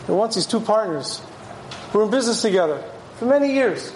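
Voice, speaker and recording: A man's voice: sits high, quick pace, reverberant, a little hiss or hum, rough recording. A man who sounds like a rabbi, giving a sermon and telling stories with animation. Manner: animated storyteller acting out voices. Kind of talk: sermon with storytelling.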